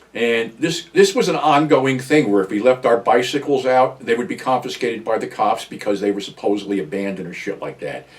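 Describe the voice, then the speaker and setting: A man's voice: fairly low pitch, recorded from a distance. An older man, telling a profane, rambling story from his own past as a channel host. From New Jersey, USA. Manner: rambling, blunt, heavy swearing, rising loud when quoting himself.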